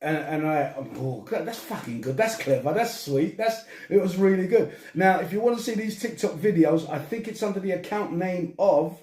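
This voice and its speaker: A man's voice: high-pitched, lively intonation, moderate pace, few pauses, darkish tone. An older man hosting his podcast in a loose, chatty way, swearing freely and laughing often. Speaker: podcast host. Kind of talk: casual chat. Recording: echoey room.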